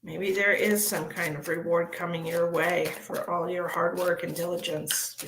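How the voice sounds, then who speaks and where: A woman's voice: lowish voice, flat delivery, moderate pace, a bit bright, roomy sound, slight background noise, low-quality recording. A woman in her forties giving psychic card readings on a live stream, chatty and sassy as she reads out viewer comments. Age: 40s. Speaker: psychic tarot reader.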